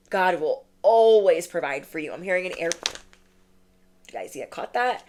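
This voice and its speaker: A woman's voice: lowish voice, animated, normal speed, a little hiss or hum. Chatty woman giving a tarot reading. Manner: chatty and emphatic, addresses viewers directly. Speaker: tarot reader. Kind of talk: casual spiritual tarot reading.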